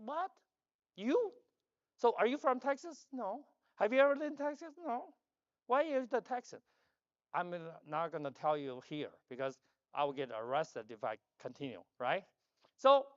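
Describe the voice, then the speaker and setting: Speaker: man, loud and rambling at the podium, joking, dull and dry sound. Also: high-pitched, no echo. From China. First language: Chinese. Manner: loud, emphatic, joking asides. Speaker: conference speaker. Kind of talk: rambling conference talk. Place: conference hall stage.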